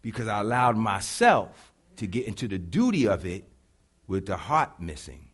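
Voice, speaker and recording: A male pastor preaching a sermon, animated and confiding, talking straight to the congregation. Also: on the low side, moderate pace, breathy edge.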